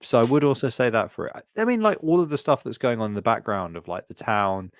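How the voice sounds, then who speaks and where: A man's voice: mid-range voice, lively intonation, fast, no echo. A man co-hosting a podcast in casual chat, rambling with lots of "like" and swearing. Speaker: podcast co-host.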